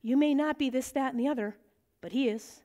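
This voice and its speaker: Animated woman teaching a bible study. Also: high voice, brisk. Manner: animated, acts out quoted voices.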